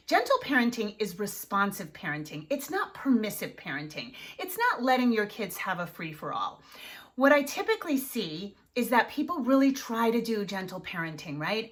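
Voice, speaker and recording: A woman coaching parents in an emphatic, animated way, often checking in with "right?". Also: fairly high pitch. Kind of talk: advice talk to camera.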